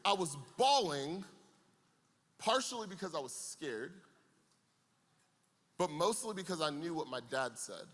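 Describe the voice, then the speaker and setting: A young man giving a camp sermon as an animated storyteller who slips in comic asides. His voice sits high and bright. A long hall reverb trails every phrase. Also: measured pace, long pauses. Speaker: camp speaker.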